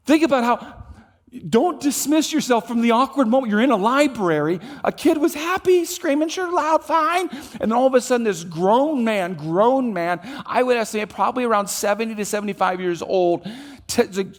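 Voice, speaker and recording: A male pastor giving a sermon in a church, telling a story in an animated way, moving from hushed to loud. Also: high-pitched, normal speed. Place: church auditorium.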